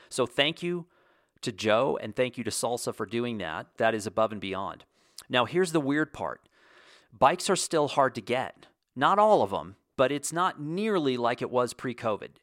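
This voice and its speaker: A man's voice: mid-range voice, a bit bright, dry recording. A man in casual monologue, telling a story and animating the quoted lines in his own voice. His voice sits mid-range, recorded close in a dry, dead room.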